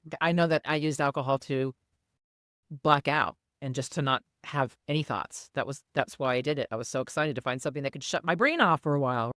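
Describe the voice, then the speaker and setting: A woman's voice: a bass voice, brisk, a bit bright, no room sound, clean studio sound. A woman co-hosting a podcast, talking in an earnest, reflective, candid way in casual chat. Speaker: podcast co-host.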